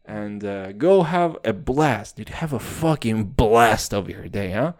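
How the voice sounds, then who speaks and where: A man's voice: mid-range voice, sing-song, unhurried, few pauses. A man in his twenties hosting his own podcast, rambling and swearing casually, saying "dude" after nearly every phrase. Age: 20s. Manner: profane, rambling, says "dude" constantly. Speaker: podcast host.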